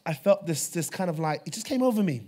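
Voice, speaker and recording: A man preaching a sermon, telling a personal story with fervor, dropping to a hush and then rising loud. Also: high-pitched, lively intonation, fast. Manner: fervent storytelling, swings from hushed to loud. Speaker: pastor.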